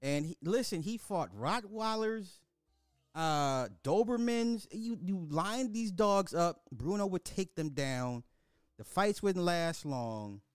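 A middle-aged man hosts a podcast, spinning stories in casual, animated chat with lots of laughter and swearing. His voice sits high, smooth and slow, captured in clean studio sound with no echo and soft music in the background.

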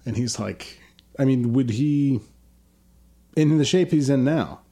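A man's voice: mid-range voice, slow, warm tone. A man co-hosting a podcast, riffing through absurd comedic bits in casual chat, with frequent ums. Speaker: podcast co-host.

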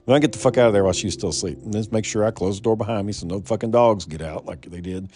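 A man's voice: lowish voice, very fast, a little mellow. A man telling a rambling personal anecdote in casual, heavily profane talk, often restarting his sentences. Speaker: storyteller.

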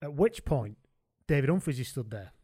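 A man co-hosting a rugby podcast, telling stories in a casual, animated, laughing way and swearing freely. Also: mid-range voice, normal speed, husky, dry recording, clean studio sound. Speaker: podcast co-host. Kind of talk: casual chat, comic storytelling.

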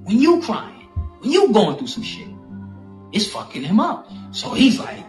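A man telling a story in animated, slangy, profane street talk. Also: high-pitched, a little slow. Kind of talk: casual storytelling monologue. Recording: echoey room with faint music.

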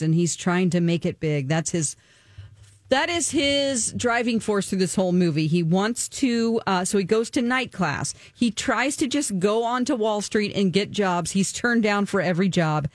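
A woman's voice: medium pitch, a little slow, no echo. Woman retelling a movie plot, chatty, lots of ums, pretty dry close sound. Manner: chatty and animated, lots of ums, acts out the characters. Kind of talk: casual movie recap chat.

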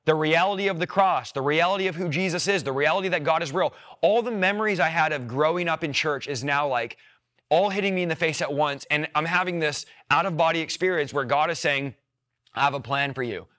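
Bright-voiced young man giving testimony. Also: on the high side, fairly quick. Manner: earnest, emotional storytelling with repeated phrases. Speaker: podcast guest. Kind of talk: personal faith testimony.

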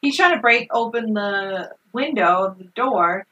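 A woman in casual chat recapping a movie, animated, swearing often and laughing. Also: mid-range voice, measured pace, recorded from a distance, dull audio.

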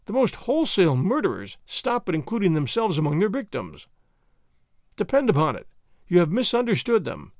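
A man doing a hearty English gentleman, cool-headed and shrewd, who teases an anxious friend with easy good humour. The voice sits high and swings lively through its phrases, up close in a dry, deadened sound. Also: dry recording. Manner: jovial and teasing.

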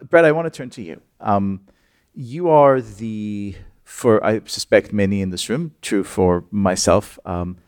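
A man moderating a panel before a live audience, asking long, measured questions full of "um" pauses. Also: fairly low pitch, darkish tone, no echo, studio quality.

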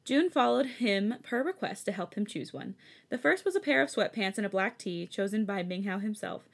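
A woman podcast host reading fan fiction aloud, breaking off for chatty, giggly asides. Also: medium pitch. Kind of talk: casual story reading.

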